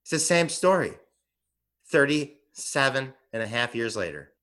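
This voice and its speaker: A blustering, scoffing dad who waves off every complaint, as a man puts him on. His voice swings widely up and down, and the tone is sharp and bright. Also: medium pitch, big pitch swings, unhurried. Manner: blustery, scoffing, stammers when worked up. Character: grumpy aging father, dismissive, boastful.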